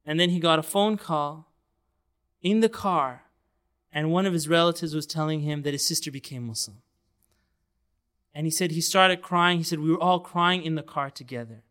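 A man's voice: a little high, normal speed, long pauses, fairly bright tone, smooth. A man giving an earnest, emphatic sermon, with passages of the Quran chanted melodically. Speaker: Islamic preacher.

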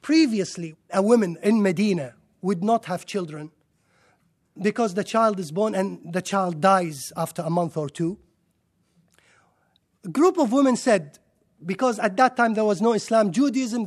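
A man's voice: high-pitched, moderate pace. A man preaching a sermon, impassioned and full of rhetorical questions, his voice rising in bursts. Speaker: Islamic preacher.

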